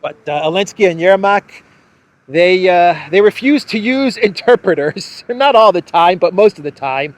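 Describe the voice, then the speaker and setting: A man's voice: sits high, animated. Sardonic man, chuckling news commentary. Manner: sardonic, chuckles often while talking; halting, many restarts. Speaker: host of a political commentary show.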